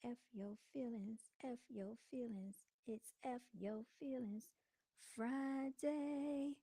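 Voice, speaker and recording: A woman's voice: fairly high pitch, steady tone, takes it slowly, mellow, breathy edge, no room sound. Chatty woman hosting a livestream. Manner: chatty, addresses viewers as y'all. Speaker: livestream host. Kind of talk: casual live-stream talk. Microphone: desk microphone.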